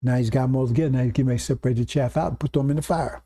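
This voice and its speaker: A man preaching a scripture lesson to a congregation, explaining point by point and often checking in with quick "see?" and "right?" asides. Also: mid-range voice, steady tone, warm tone. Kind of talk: sermon lecture to congregation.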